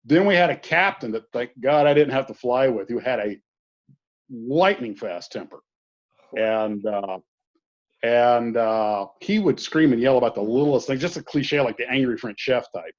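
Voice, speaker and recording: A man tells a meandering story in a relaxed, folksy way, his voice sitting at an ordinary middle pitch. The sound is dull and lo-fi, as if from an online call. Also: moderate pace. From southern US. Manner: rambling storyteller, folksy asides. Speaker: guest. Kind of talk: casual conversation.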